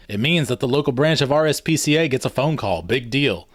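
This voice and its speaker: A man's voice: mid-range voice, expressive, brisk, dry recording, natural voice. A man reading aloud and voicing a bored young man who answers with dry, sarcastic dismissal. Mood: dismissive. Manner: dry, sarcastic, mock-astonished.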